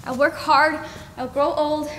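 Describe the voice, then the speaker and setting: Girl doing a wistful sad ash girl, high voice, distant echoey hall. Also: fairly even intonation, a little slow, fairly bright tone, a little hiss or hum. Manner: wistful, plaintive. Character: sad, self-doubting young ash girl. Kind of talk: school stage play. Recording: echoey hall, far from mic.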